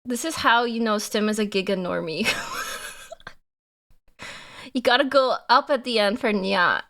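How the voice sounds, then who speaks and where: A young woman streamer chatting casually with her viewers, giggly and animated, laughing often. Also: a little high, unhurried, long pauses. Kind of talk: casual live-stream chat.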